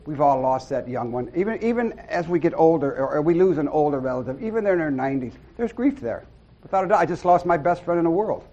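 A middle-aged man giving an informal sermon to a small church group, earnest and folksy, with loud whoops and amens. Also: a little high, lively intonation, quick pace, muffled recording. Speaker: lay preacher.

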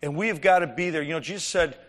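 A man's voice: fairly high pitch, quick pace, a bit bright, long reverb tail. A man preaching a conversational sermon, telling stories and asking the congregation rhetorical questions.

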